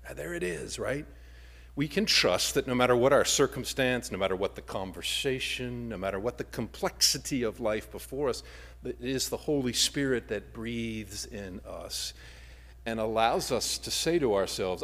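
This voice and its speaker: A man preaching a sermon. His delivery swings from loud emphasis down to a near-whisper. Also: mid-range voice, expressive, normal speed, vocal fry. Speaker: pastor.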